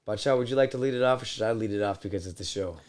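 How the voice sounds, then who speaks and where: A man hosting a podcast from his home man cave, casual talk that builds into loud wrestling-style promo shouting. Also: lowish voice, rapid-fire. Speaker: podcast host.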